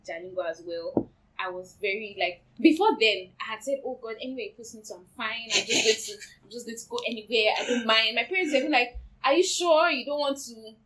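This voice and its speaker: Fast-talking Nigerian young woman. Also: on the high side, rough recording. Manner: lively, laughing, quotes herself and others. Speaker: co-host. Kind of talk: casual storytelling.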